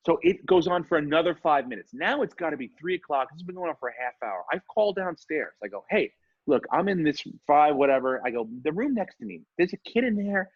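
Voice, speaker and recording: A podcast co-host tells a story in casual chat, animated and swearing as he acts out the voices of the people involved. His voice is a little high, fast and husky, captured dry on a remote call mic with dull lo-fi internet audio.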